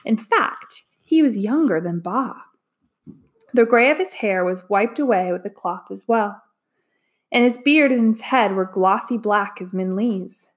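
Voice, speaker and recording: A woman narrating a storybook in a calm, even way. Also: medium pitch, measured pace. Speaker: audiobook narrator. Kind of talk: storybook reading.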